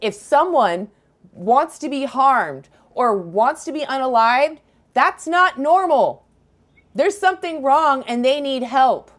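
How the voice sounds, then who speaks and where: A woman's voice: high-pitched, expressive, slow pace. A woman hosting a live debate stream, challenging callers in a scolding, confrontational way. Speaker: livestream host debating callers.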